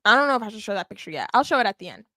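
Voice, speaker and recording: A woman hosting a wrestling podcast, recapping a live show in an animated, emphatic way and often checking in with "okay?". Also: mid-range voice, very fast, no room sound. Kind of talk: live watch-along recap.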